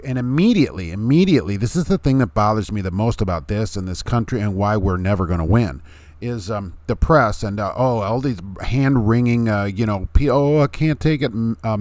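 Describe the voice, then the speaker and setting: A man's voice: fairly low pitch, darkish tone, no room sound. A middle-aged man, giving a blunt, emphatic opinion rant on his video channel. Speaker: YouTube commentator.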